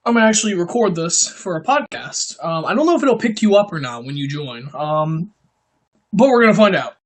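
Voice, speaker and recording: A young man runs a relaxed livestream, calling out viewers by name and clowning around. His voice sits high and swings widely in pitch, and his pace is brisk.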